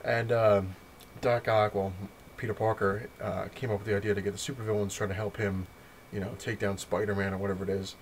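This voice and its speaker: A man with a fairly low voice talks in a loose, casual vlog manner. He rambles, corrects himself mid-sentence and swears freely as he recaps comics. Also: flat delivery, a little fast, slight background noise. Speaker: comic collector reviewing his haul.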